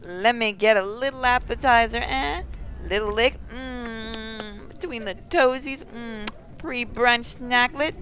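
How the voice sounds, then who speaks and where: A woman's voice: on the high side, a bit bright, slight background noise, voice pushed up. Woman doing a leering British cannibal girl. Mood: wheedling. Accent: attempted British. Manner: leering, drawn-out wheedling. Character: greedy female cannibal, crude and hungry.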